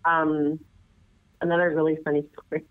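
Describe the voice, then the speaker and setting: An earnest woman guest, a nurse who runs assisted living, talks about caregiving in a casual, lively way. Her voice sits on the low side and comes through a tinny phone line with no room sound at all. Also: moderate pace, no echo. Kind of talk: casual advice chat.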